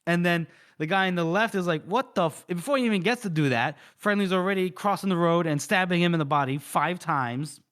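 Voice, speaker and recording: A man co-hosting a book podcast, retelling a chapter in an animated, casual way with swearing and laughter. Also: high-pitched, brisk, few pauses. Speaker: podcast co-host. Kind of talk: casual book-discussion chat.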